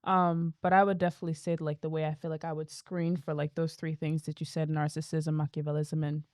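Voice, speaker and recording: A woman's voice: deep voice, flat delivery, brisk, a little mellow, no room sound, clean studio sound. A woman from Nigeria chatting casually as a podcast guest, filling her speech with "like". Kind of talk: casual chat.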